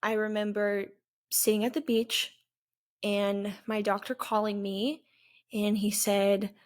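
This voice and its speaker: A woman in her twenties, a vlogger, candidly recounting a personal story in an earnest, halting way with pauses. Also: mid-range voice, flat delivery. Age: 20s.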